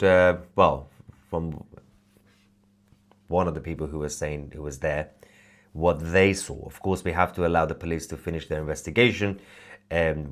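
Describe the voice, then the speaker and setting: A man hosting a live-stream news show, commenting indignantly with many fillers and rhetorical questions. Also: a bass voice. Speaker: online news host.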